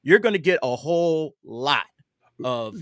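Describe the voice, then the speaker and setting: A man's voice: fairly high pitch, animated, measured pace, a bit bright, no echo, clean studio sound. A man speaking emphatically in a casual political panel discussion, with many fillers and restarts. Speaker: panel guest.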